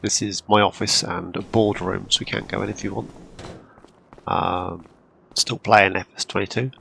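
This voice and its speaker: Deep gravelly man chatting through a game. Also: little pitch movement, moderate pace, sharp tone, a little hiss or hum. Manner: rambling, with many ums and throat-clearing. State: hiccuping and coughing. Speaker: farming game role-play channel host. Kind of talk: casual gameplay commentary.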